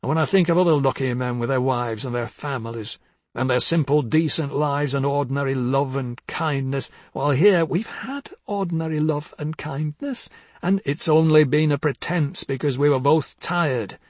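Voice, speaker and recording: A man reading the part of a bitter, jealous older husband, accusing and husky, dropping to hushed tones and rising to harsh outbursts. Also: mid-range voice, no echo, close to an everyday voice. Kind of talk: dramatic audiobook reading.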